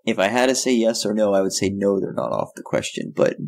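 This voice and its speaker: A man co-hosts a casual podcast in a very low voice that still swings widely in pitch. He makes dry, joking remarks and laughs often. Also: sing-song, fast, vocal fry, darkish tone. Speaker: podcast co-host. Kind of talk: casual chat.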